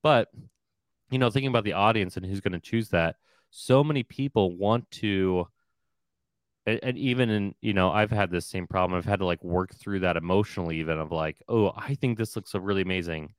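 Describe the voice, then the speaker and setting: A man's voice: low-pitched, a little fast, clear, resonant tone, no echo. A man hosting a casual interview podcast, talking in long rambling questions with many restarts. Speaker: podcast host.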